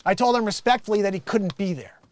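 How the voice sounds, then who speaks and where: Male vlog host, high-pitched, jokey, dry close mic. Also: quick pace, darkish tone, dry recording. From United States. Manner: joking, acts out quotes. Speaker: vlog host reading news. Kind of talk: casual news commentary.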